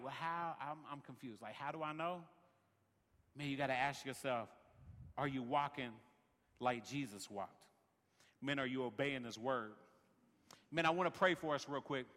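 A man's voice: on the high side, moderate pace, pauses often, bright, forceful tone, long reverb tail. A man preaching a sermon as pastor, peppering his lines with "man" and building rhythmic refrains. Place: large worship center.

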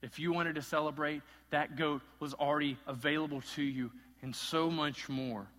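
A man voicing a patient, loving older father who reassures his son softly. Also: on the high side, fairly even intonation, moderate pace, in a large hall, lightly acted. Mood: tender. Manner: soft, tender reassurance.

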